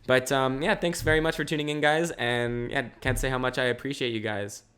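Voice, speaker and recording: A young man hosting a casual solo podcast from home, rambling and energetic and laughing often. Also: mid-range voice, brisk, smooth. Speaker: podcast host.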